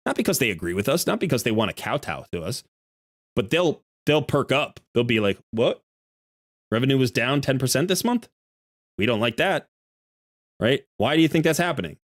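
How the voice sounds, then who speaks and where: A man's voice: medium pitch, no echo, studio quality. A male game streamer in a live stream, making an argumentative case with worked examples.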